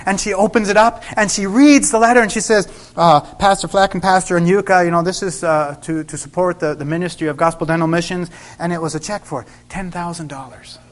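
A middle-aged man preaching, telling a personal story and acting out the dialogue with sudden loud bursts. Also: high voice, fairly even intonation, fairly quick, few pauses. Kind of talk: sermon storytelling.

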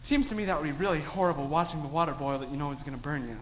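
Talking very fast in a fairly high voice, a man animatedly tells children a moral story within a sermon and asks them many questions. The sound is dull and echoes like a hall, with faint noise present.

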